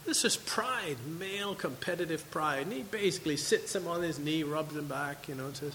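A man's voice: on the high side, brisk, hardly any pauses, bright, forceful tone, long reverb tail, a little hiss or hum, poor audio. A man preaching a sermon to his congregation, reading scripture and asking questions. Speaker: pastor. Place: church sanctuary.

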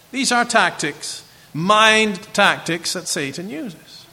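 A man preaching a sermon, animated and acting out the voices of the figures in his text. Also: high voice, slow pace, in a large hall.

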